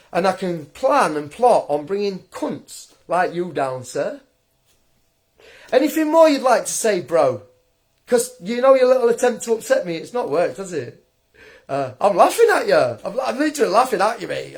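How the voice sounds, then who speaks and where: A young man with a high-pitched voice, ranting on a livestream. He taunts and mocks his critic in a combative, scornful tone, breaking into laughter as he goes. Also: darkish tone. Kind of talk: angry livestream rant.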